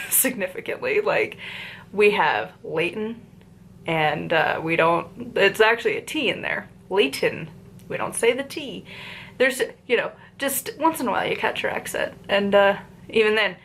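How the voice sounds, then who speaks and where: On her channel, an Appalachian-accented woman from that US region casually reviews a book. Her medium-pitched voice is a bit bright, and her talk is chatty and loose, peppered with fillers and tangents.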